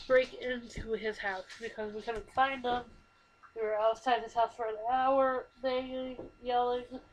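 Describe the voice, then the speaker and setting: A woman in her twenties speaking to her camera in a halting, earnest, emotional way, telling a personal story. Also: fairly high pitch, a bit bright, slight background noise, poor audio. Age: 20s. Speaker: vlogger. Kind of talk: confessional personal talk to camera. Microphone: computer microphone.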